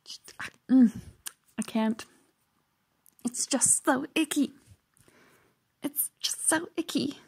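A woman's voice: high-pitched, slow pace, creaky, pauses often, a little mellow, husky. A woman hosting reaction commentary, sarcastic and exasperated, often dropping to a whisper. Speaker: host.

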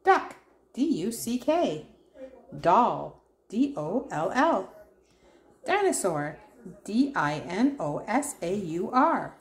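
A woman's voice: mid-range voice, sing-song, takes it slowly, long pauses. A woman reading a first-words workbook aloud to her child, spelling out words letter by letter in a sing-song way. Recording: roomy echo.

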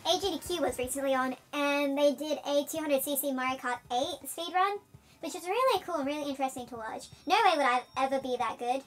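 Chipmunk-pitched Australian woman gamer. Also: fairly quick. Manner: chatty, excitable, rambling. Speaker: gaming channel host. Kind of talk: let's-play commentary.

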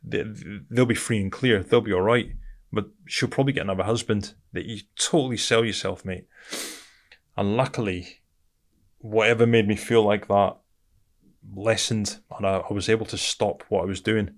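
A man's voice: on the low side, steady tone, moderate pace. A man from Britain, a podcast guest telling his story bluntly and candidly, swearing often and calling the host mate.

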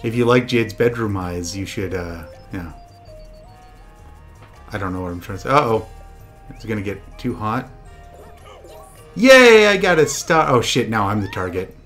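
A young man streaming a party video game with friends, chatting casually and breaking into loud, profane outbursts at the game. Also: fairly low pitch, normal speed, pauses often, soft background music. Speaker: VTuber streamer.

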